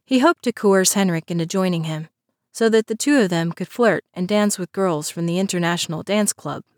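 A woman narrating a story in an even storytelling manner. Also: lowish voice, normal speed, no room sound, studio quality. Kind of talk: scripted narration.

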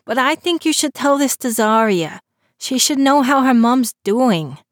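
A woman's voice: high-pitched, expressive, measured pace, no echo, clean studio sound, pitched above the performer's own voice. A woman voicing an anxious young man who whines and speaks dryly. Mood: whiny. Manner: whiny, sarcastic.

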